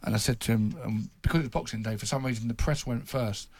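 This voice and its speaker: A man's voice: mid-range voice, fast, a little mellow, no room sound. A man, a football journalist, telling anecdotes in casual chat and laughing at his own impressions.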